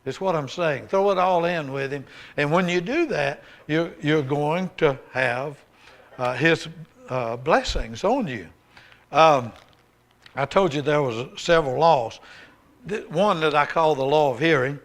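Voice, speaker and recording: A man's voice: fairly high pitch, measured pace, a bit bright. A man giving a folksy, emphatic sermon testimony as a guest preacher, reading scripture aloud with rising force.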